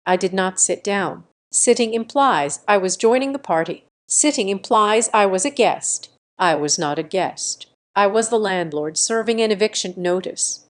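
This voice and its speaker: A woman with a mid-range voice reads aloud a first-person revenge story, her scripted narration measured and deliberate.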